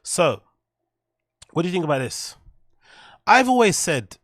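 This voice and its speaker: A man's voice: high voice, big pitch swings, unhurried, fairly bright tone, dry recording, studio quality. A man hosting a livestream, rambling and swearing casually as he talks to his viewers. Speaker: streamer host.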